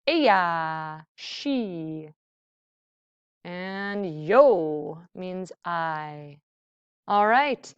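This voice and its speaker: A woman teaching a Spanish vocabulary lesson, saying each word slowly and giving its English meaning. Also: fairly low pitch, animated, smooth, no echo, highs cut off. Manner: slow, deliberate word-by-word modeling with English glosses.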